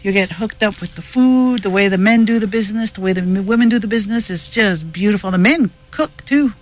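A middle-aged man speaks as a guest in a radio studio, his voice sitting high for a man. He tells a long story in a lively, chatty way, laughing often and restarting his sentences. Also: fairly quick, low-quality recording. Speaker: guest musician. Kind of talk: casual radio interview storytelling.

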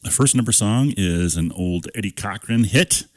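A man co-hosting a community radio show in casual chat, telling dad jokes in a dry, deadpan way. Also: on the low side, normal speed, no echo. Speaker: community radio co-host and music picker. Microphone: studio microphone.

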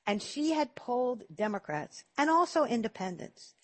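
An older woman hosts a radio talk program with a husky, slightly breathy voice. She tells stories with animated emphasis and leans on repeated words to drive her points home. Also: mid-range voice, normal speed, hardly any pauses. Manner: animated storytelling, emphatic repetitions. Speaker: radio talk show host. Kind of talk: casual talk radio chat.

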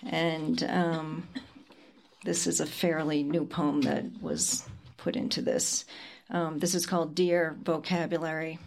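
A woman poet reads her work aloud, slow and deliberate, letting pauses hang between the lines. Her voice sits slightly low and never rushes. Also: animated, gravelly, a little mellow. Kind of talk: poetry reading.

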